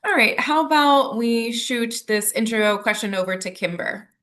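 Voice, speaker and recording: A woman's voice: a little high, lively intonation, moderate pace, a bit bright. A woman from McKeesport with a Pittsburgh accent, moderating a panel discussion over a video call. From McKeesport, Pennsylvania.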